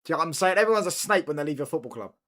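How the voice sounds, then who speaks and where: Now very fast and animated, his fairly high voice has a bit of brightness as he talks through the football watchalong. He's casual and slangy with chat, repeating his points again and again.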